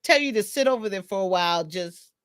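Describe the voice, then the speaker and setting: A woman's voice: mid-range voice, lively intonation, brisk, fairly bright tone, no room sound. A woman hosting a casual livestream chat, teasing her guests and laughing often. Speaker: livestream host.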